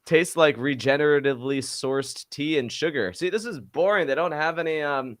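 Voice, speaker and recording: A man's voice: on the high side, moderate pace, a bit bright. Joking, swearing podcast host man. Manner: joking, swears casually, talks in restarts. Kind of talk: casual chat on a live stream.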